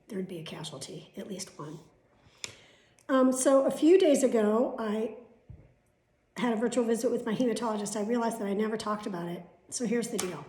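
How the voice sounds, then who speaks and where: A woman's voice: mid-range voice, warm tone, roomy sound. A middle-aged woman vlogging in casual chat, telling stories bluntly with sarcasm and swearing. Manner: blunt, profane and sarcastic storytelling. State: has bronchitis.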